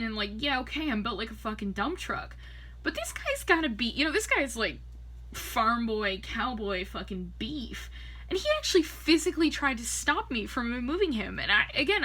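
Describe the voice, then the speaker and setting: A woman's voice: high voice, very animated, fairly quick, bright, forceful tone. Tipsy, foul-mouthed woman rambling through a story. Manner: profane, rambling, laughs often. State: tipsy from drinking. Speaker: makeup artist vlogger.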